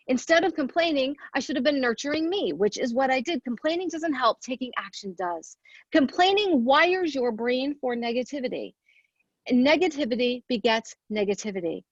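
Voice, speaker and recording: A woman's voice: high voice, lively intonation, moderate pace, no echo, muffled recording. A woman giving an earnest motivational talk, asking rhetorical questions and counting off her points. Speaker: speaker at a women's leadership event.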